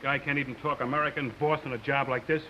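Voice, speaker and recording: An actor playing a sheepish, easily led construction worker who talks in slang and stammers when cornered, in a 1950s live television drama. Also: male voice, mid-range voice, steady tone, fast talker, bright, forceful tone, natural voice. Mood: grumbling. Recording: dull lo-fi 1950s TV audio with faint hiss.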